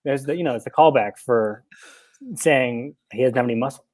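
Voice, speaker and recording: A man's voice: mid-range voice, moderate pace, a little mellow. A young man co-hosting a casual podcast, retelling film scenes with quoted bits and frequent laughs. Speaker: podcast co-host.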